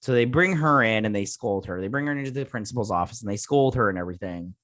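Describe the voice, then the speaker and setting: A man's voice: on the low side, animated, quick pace, a bit bright, dry recording, studio quality. A man hosting a TV review channel, recapping an episode in a casual, rambling way, with lots of fillers and restarts.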